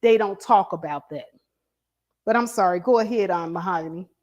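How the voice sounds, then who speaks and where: A woman's voice: on the low side, normal speed, a little mellow, highs cut off. A middle-aged woman hosting a casual commentary chat over an online call, talking in a blunt, emphatic way. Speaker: host.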